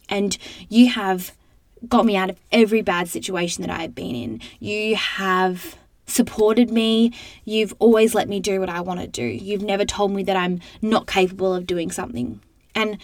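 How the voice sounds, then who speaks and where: A woman's voice: medium pitch, no echo. A young woman hosting a podcast, talking in a chatty, upbeat, motivational way. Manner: chatty and upbeat, full of "like" and "you know". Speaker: podcast host. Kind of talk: casual motivational podcast monologue.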